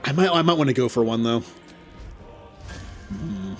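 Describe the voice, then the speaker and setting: A man giving casual gameplay commentary. He talks to the characters on screen and yelps loudly at setbacks. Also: a little high, expressive, moderate pace, vocal fry, faint music behind. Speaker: gaming channel host.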